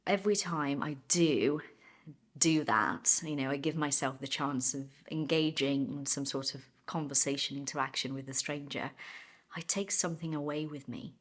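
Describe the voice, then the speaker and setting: A woman's voice: rumbling low, normal speed. A woman English teacher telling a personal story as a lesson, chatty, laughing now and then, and stopping to explain idioms.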